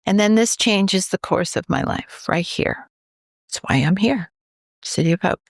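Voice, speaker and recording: A woman with a mid-range, gravelly, slightly rough voice speaks at a measured pace in a clean studio recording without echo. She's a New York cancer researcher recounting a story on a podcast, animatedly voicing the people in it.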